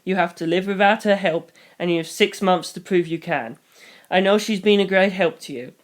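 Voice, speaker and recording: A reader voicing a loving, wise foster mother who speaks in a soft, steady, reassuring way, in a fan reading of a novel. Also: mid-range voice, moderate pace, lightly acted. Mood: stern. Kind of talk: audiobook reading.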